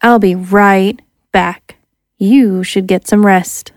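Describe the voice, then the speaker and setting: An actress playing a short, streetwise alien hustler in an audio drama, breezy and sly. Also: female voice, medium pitch, steady tone, no room sound, clean studio sound, lightly acted. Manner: breezy, fast-talking, sly.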